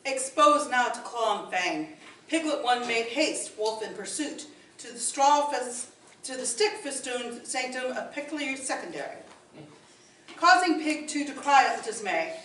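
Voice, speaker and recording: A woman's voice: high voice, lively intonation, unhurried, fairly bright tone, slight background noise. A woman bard improvising a comic story in mock old-fashioned English, theatrical and playful. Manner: theatrical, playful, laughing through lines. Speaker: bard performing a spoken story. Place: hall at a live event with an audience. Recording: echoey hall recorded from far off.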